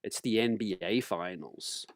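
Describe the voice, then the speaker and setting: A man hosts a sports talk channel in a relaxed, casual way, calling viewers fam and ladies and gentlemen and clearing his throat often. His voice is on the low side at a measured pace, with no echo.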